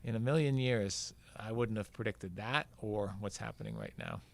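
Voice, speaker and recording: A man's voice: fairly low pitch, moderate pace, vocal fry. An older man, a veteran marathon runner, telling a long story casually as a podcast guest and acting out what people said. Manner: rambling, acts out quoted dialogue.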